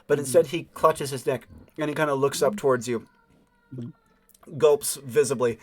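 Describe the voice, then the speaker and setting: A man narrating a tabletop game as game master, describing scenes in a measured way. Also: medium pitch.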